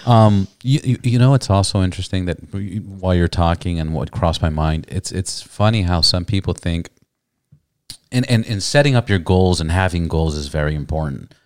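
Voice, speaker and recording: A man's voice: sits low, normal speed, darkish tone, no echo, clean studio sound. A man hosting a casual motorcycle podcast chat, rambling and repeating words as he starts his thoughts. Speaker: podcast host.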